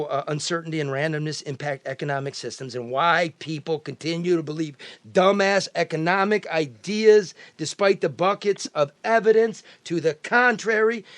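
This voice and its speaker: A man's voice: on the high side, no echo. A man from the American Midwest hosting a news talk show, blunt and profane, often restarting his sentences. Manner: blunt, profane, repeats himself. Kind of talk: casual talk show banter.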